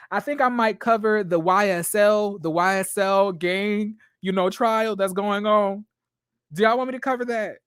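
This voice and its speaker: A woman's voice: mid-range voice, fairly bright tone, dry recording, studio quality. A woman in her twenties hosting a casual livestream, chatty and sassy, greeting viewers by name. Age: 20s. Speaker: livestream host.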